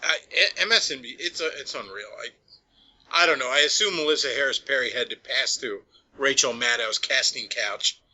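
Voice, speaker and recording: A man's voice: medium pitch, moderate pace, bright, forceful tone. A man talking as a guest in a casual political chat, blunt and crude, stammering a little at the start. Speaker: podcast guest.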